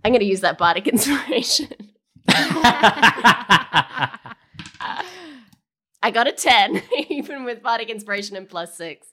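A woman playing a tabletop game, playful and quick to laugh. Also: medium pitch, expressive, pushed and bright. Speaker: player.

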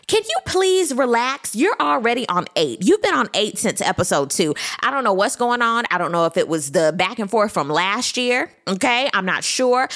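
Sassy, animated woman recapping. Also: fairly high pitch. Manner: sassy, animated, quoting people in exaggerated voices. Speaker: reality TV recap host. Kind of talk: casual recap commentary.

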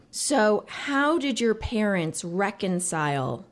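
A woman hosts the interview, speaking at an unhurried pace. She poses her questions in a measured, mid-pitched voice. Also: expressive. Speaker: podcast host. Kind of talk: interviewing a guest.

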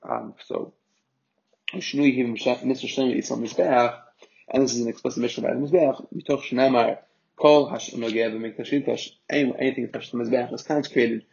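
Gravelly man reading and translating a text. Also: mid-range voice, fairly even intonation, darkish tone. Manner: reads short Hebrew phrases, then translates each into English; halting, often repeats a word while searching for the translation. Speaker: Torah teacher. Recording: dull lo-fi recording.

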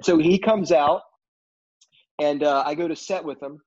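A man's voice: fairly high pitch, measured pace, a little mellow. A middle-aged man from film crews, casually telling a rambling story full of "you know" fillers. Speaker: film crew guest. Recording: dull lo-fi recording.

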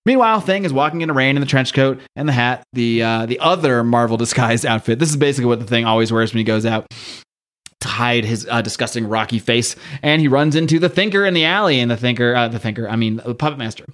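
A man's voice: medium pitch, animated, fast talker, a bit bright. A man hosting a podcast, casually recapping a comic book story, rambling and laughing as he loosely voices the characters. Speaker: podcast host.

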